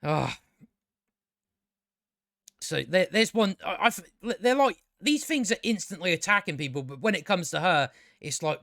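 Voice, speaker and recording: A man rants through a casual review in a slightly high voice. He swears often and keeps stumbling into restarts. The sound is dry and close, with no room around it. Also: expressive, measured pace, vocal fry, pauses often, fairly bright tone, no room sound. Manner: sweary, exasperated, stammering restarts. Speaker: show reviewer. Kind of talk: casual ranting review commentary.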